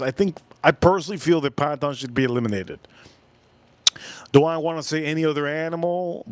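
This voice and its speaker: A man's voice: on the high side, no room sound. Rambling man chatting on a live stream. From South Florida. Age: adult, older than in his youth. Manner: rambling, talks straight to chat, repeats himself. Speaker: livestream host. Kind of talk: casual live-stream chat.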